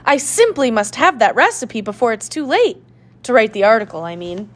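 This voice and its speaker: A woman's voice: a little high, very animated, normal speed, slight background noise. A woman voicing a scheming woman posing as a reporter, speaking in an overly eager, affected way.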